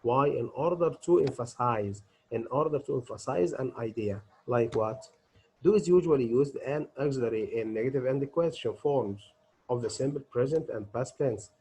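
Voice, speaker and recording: A middle-aged man teaches English grammar with a husky, slightly breathy voice. He poses questions to his students and then answers them himself, walking patiently through each rule. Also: mid-range voice, moderate pace, darkish tone, low-quality recording. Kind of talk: grammar lesson.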